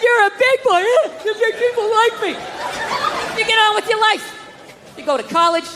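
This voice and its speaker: A man doing a stand-up comedy routine, ranting with lots of profanity and shouting his punchlines. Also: very high voice. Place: comedy stage before a live audience. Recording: live club set with crowd laughter and noise.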